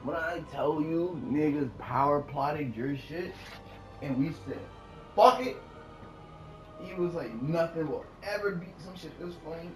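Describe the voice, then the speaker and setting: A man chatting casually while he games, telling animated stories, swearing freely and laughing often. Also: on the high side, normal speed, far from the mic. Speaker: gaming streamer. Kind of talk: casual rambling chat while gaming. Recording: echoey room, off-mic, with music playing.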